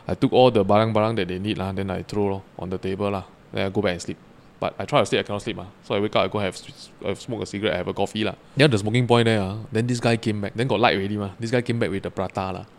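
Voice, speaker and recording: A man with a Singaporean accent, a podcast guest telling stories in casual chat, animated and quick to laugh, his talk full of slang particles. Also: lowish voice, slight background noise. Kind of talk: casual storytelling.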